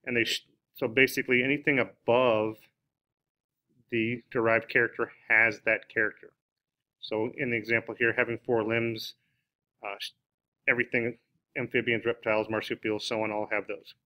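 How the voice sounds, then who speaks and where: A man's voice: mid-range voice, flat delivery, moderate pace, pauses often, pushed and bright. A man explaining biology in a recorded lesson, talking off the cuff with many fillers and restarts. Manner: unscripted explaining with frequent "uh" and restarts. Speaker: biology teacher. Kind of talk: recorded classroom lecture.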